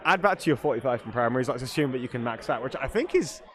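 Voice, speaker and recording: A man's voice: medium pitch, lively intonation, fast talker. A man commentating a tabletop wargame, working through the scoring step by step. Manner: analytical, walks through point totals.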